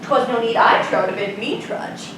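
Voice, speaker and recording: A woman's voice: fairly high pitch, moderate pace, fairly bright tone, a little hiss or hum, close to an everyday voice. Lady doing a giggly gossipy old nurse, echoey stage far from the mic. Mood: chatty. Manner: rambling, giggling, sentimental. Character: bawdy chattering old female nurse. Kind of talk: live student stage acting. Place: theater stage. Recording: roomy stage sound from afar.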